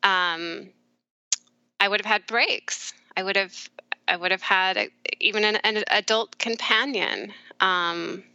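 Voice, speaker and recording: Bright, crisp-voiced woman sharing candidly. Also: medium pitch, steady tone, slow pace, no echo, highs cut off. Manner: warm, reflective, often laughing softly. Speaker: therapist guest. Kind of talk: candid conversational interview.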